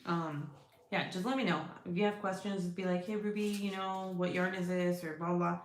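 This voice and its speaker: A woman's voice: fairly low pitch, fairly even intonation, normal speed, slight background noise. Chatty woman in an echoey room. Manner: chatty and profane, talks to her cat between thoughts. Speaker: crafting livestream host. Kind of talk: casual livestream chat with viewers. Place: indoor room at her craft desk.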